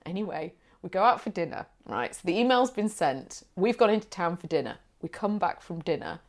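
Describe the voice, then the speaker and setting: A woman's voice: lowish voice, fairly quick. A woman telling a holiday story in casual chat, acting out the people she quotes and laughing often. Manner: animated storytelling, bursts into laughter, acts out quotes.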